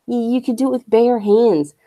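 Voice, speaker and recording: A woman's voice: fairly high pitch, moderate pace, no room sound, lo-fi sound. A young woman streamer ranting casually, blunt and profane, full of strong opinions. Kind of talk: casual rant while streaming.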